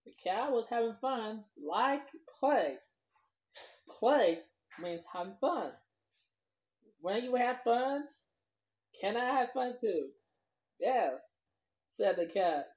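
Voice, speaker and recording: A woman's voice: fairly high pitch, lively intonation, takes it slowly, pauses often. A woman vlogger telling a children's story, rambling loosely and talking to the kids as boys and girls. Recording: dull lo-fi recording.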